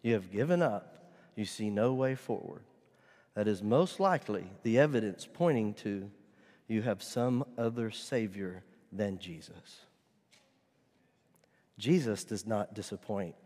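A middle-aged man preaching a sermon as pastor, earnest and at times loud and emphatic. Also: lowish voice, expressive, unhurried, long pauses. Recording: long hall reverb.

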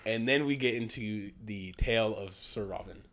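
A man's voice: fairly low pitch, normal speed, fairly bright tone. A man in casual conversation, retelling comedy film scenes with frequent laughter and rambling restarts. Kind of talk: casual movie discussion.

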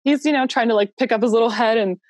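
A woman's voice: a little high, quick pace, dry recording, studio quality. A young woman telling her own birth story in a casual, heartfelt way, laughing often and using lots of fillers.

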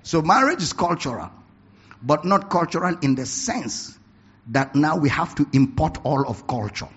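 A man preaching a sermon, telling stories with animated bursts of laughter and shouting. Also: on the high side, moderate pace, husky. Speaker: pastor. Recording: dull lo-fi recording.

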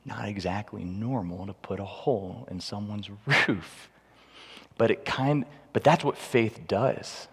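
A man preaching a sermon with humorous, animated storytelling, recorded in a large hall with long reverb. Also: on the low side, unhurried, creaky, husky. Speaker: pastor.

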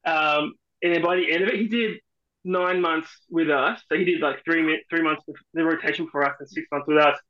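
A man's voice: on the high side, steady tone, a little fast, sharp tone. An Australian man with a slightly raised voice tells rowdy army stories, cursing freely and breaking into laughter. The sound is dull and lo-fi. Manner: swearing, laughing storyteller. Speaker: podcast guest. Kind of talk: casual chat.

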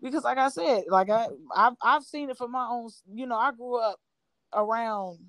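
Woman, podcast co-host, casual chat, frank, rambling, high voice, dry sound. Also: moderate pace, fairly bright tone, no room sound. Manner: frank, rambling opinions with many fillers.

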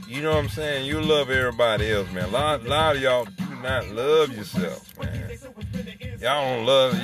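A man hosting an internet radio show, riffing in a profane, rambling comedic monologue and laughing at his own jokes. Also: medium pitch. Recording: music playing underneath. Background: music.

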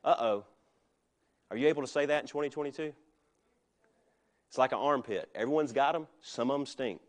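Middle-aged guy preaching, chatty sermon with jokes, normal pitch voice. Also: fairly quick. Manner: conversational preaching with humor and asides. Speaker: pastor.

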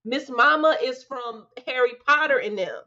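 A woman co-hosting a casual chat, talking bluntly in with animated, slangy rants. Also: high voice, normal speed. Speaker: podcast co-host. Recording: dull lo-fi sound.

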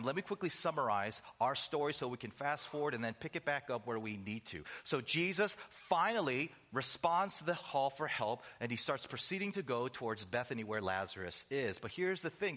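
A man preaching a sermon, emphatic, with rhetorical questions, conversational asides and slowed stressed phrases. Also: fairly high pitch, fairly bright tone.

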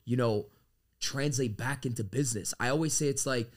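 A man's voice: medium pitch, normal speed. A man from Canada, a podcast guest, talking energetically and swearing freely as he tells stories from his working life. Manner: energetic, profane, storytelling. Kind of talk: casual podcast conversation.

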